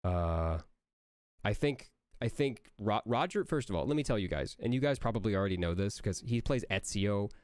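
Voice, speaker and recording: A man, a voice actor, answering chat questions on a casual livestream in an energetic, rambling way that jumps between jokes and praise. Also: fairly low pitch, normal speed, dry recording.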